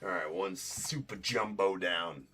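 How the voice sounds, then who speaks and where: Joking card break host, bright voice. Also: male voice, sits low, measured pace, soft background music. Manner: casual, joking, swears offhand. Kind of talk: live-stream card break commentary.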